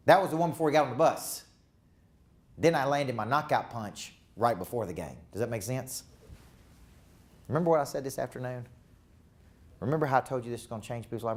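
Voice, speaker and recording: Male business coach, mid-pitched, emphatic and rallying, live seminar. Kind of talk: live motivational seminar talk.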